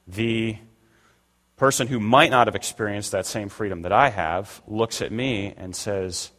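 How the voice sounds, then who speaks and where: A man's voice: on the low side, a little slow, a bit bright. An older man preaching a conversational sermon as pastor, acting out the voices he quotes. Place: church sanctuary. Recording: long reverb of a church hall.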